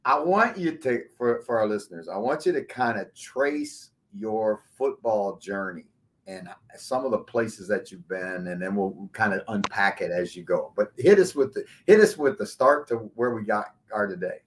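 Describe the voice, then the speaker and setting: A man's voice: on the low side, lively intonation, moderate pace. A man hosting a sports talk podcast, speaking with enthusiasm and often restarting his phrases. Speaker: podcast host.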